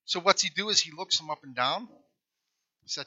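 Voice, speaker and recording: A man's voice: a little high, brisk, pushed and bright, no echo, muffled recording. A male pastor telling a folksy story in a conversational sermon.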